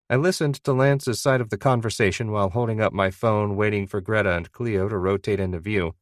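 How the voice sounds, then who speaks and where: A man narrating a first-person novel audiobook in a steady, even storytelling manner. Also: lowish voice, brisk, hardly any pauses, no room sound, studio quality.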